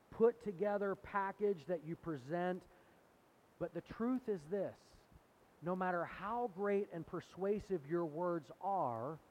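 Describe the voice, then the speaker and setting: A man's voice: sits high, a little mellow, dull audio. A man preaching a sermon, teaching in a conversational way, quoting scripture and putting questions to his listeners. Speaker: pastor. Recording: faint hiss.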